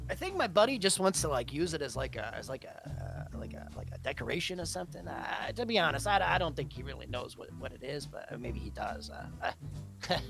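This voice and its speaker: A man's voice: fairly high pitch, sing-song, a little fast, creaky, music in the background, pitched below the performer's own voice. A man playing a shady, greedy shopkeeper who talks in a wheedling, stammering way. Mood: evasive. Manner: wheedling, stammering, full of fillers.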